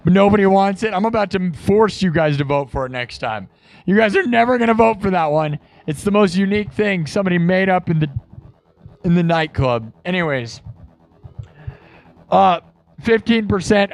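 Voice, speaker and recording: A man's voice: high-pitched, expressive, moderate pace, no echo. A man hosting a live music stream in casual, brash, teasing chat. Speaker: livestream host and musician.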